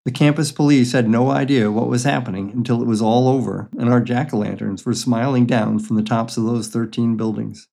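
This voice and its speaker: A man's voice: mid-range voice, fairly even intonation, fairly quick, creaky, few pauses, mellow. An older man reading his own memoir stories aloud in a dry, matter-of-fact, wry way. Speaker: memoir storyteller.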